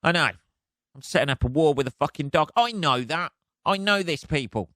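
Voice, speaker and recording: A man hosts his own podcast, ranting and swearing in a casual, exasperated way. His voice sits fairly high for a man. It sounds dry and close, with no room echo. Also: expressive, normal speed, bright, forceful tone. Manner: sweary, exasperated, laughs at himself. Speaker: podcast host. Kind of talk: casual solo rant.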